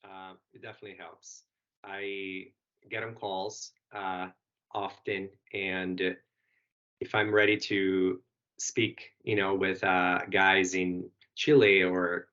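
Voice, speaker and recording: Very deep-voiced man, measured. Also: flat delivery, fairly bright tone. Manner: measured, many "uh" pauses. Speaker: PR professional. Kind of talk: casual podcast discussion. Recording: slightly muffled audio.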